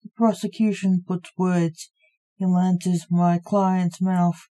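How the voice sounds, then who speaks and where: A woman's voice: fairly low pitch, little pitch movement, slow, mellow. A woman voicing a frustrated male defence lawyer in an audio story, speaking in a pleading, exasperated manner.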